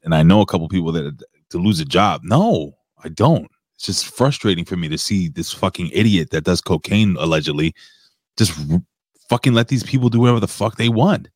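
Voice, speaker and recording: Male co-host, very low voice, blunt and cussing, dry close sound. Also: lively intonation, brisk, no room sound. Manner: blunt, profane, rambling. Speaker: wrestling podcast co-host. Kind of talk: casual chat.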